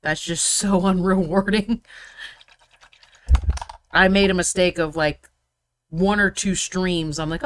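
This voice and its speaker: A woman's voice: deep voice, fairly even intonation, unhurried, pauses often, no echo. A young woman hosting a live miniature-painting stream, chatting casually and teasing her co-host while she paints. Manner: chatty, teasing, laughs often.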